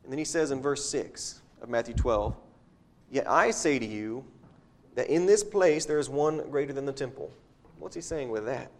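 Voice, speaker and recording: A man's voice: medium pitch, animated, moderate pace. A man preaching a sermon in a conversational way, often repeating words as he explains scripture.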